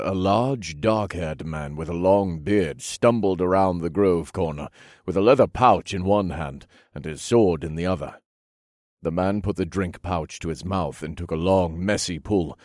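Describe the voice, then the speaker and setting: A man reading a novel aloud in measured first-person narration. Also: deep voice, dry recording, studio quality. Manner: steady, measured storytelling. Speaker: audiobook narrator.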